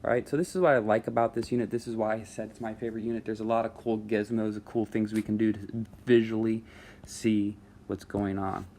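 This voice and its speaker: A man teaching a math lesson over a screen recording, walking students through each step in a relaxed way with frequent checks of "all right?". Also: lowish voice, brisk.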